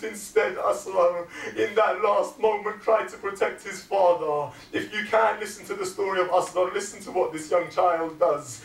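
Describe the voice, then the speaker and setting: A man's voice: high voice, moderate pace, few pauses, recorded from a distance. A man preaching a mourning sermon, telling a sacred story with emotional, dramatic intensity. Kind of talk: impassioned sermon narration. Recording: echoey hall, voice from afar.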